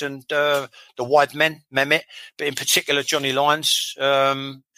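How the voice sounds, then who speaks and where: A man's voice: medium pitch, sharp tone, no echo, rough recording. A man, a former footballer telling blunt, sweary stories in a casual interview, often repeating himself.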